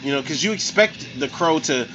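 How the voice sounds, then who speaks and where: A man from Philadelphia hosting a tipsy movie commentary, talking in an excitable, profane way with laughing asides. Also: fairly high pitch, moderate pace, dull audio, over music. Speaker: podcast host.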